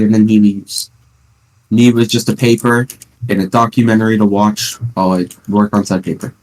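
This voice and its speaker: A teenage podcast host at home, chatting casually and rambling through stories with playful sarcasm. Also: male voice, fairly low pitch, flat delivery, moderate pace, long pauses, a little mellow. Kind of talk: casual chat.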